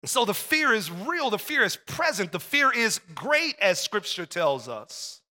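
A man's voice: high-pitched, very animated, a little slow, sharp tone, big-room sound. A man preaching a sermon as pastor, telling a personal story and repeating phrases for emphasis.

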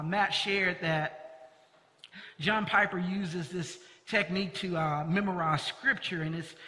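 A man's voice: high-pitched, bright, forceful tone. A man preaching a sermon as pastor, earnest and leaning hard on key words. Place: church sanctuary. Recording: long reverb of a large hall.

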